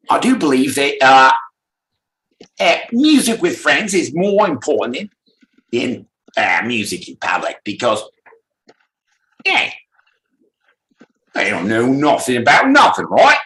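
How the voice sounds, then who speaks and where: A man's voice: mid-range voice, wildly swooping pitch, slow, pauses often, sharp tone, pitched above the performer's own voice, heavily acted, low-quality recording. A man voicing a mouthy Cockney lad who likes the pub, rambling and swearing with a put-on Cockney accent. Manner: rambling, swearing, breaks into laughs.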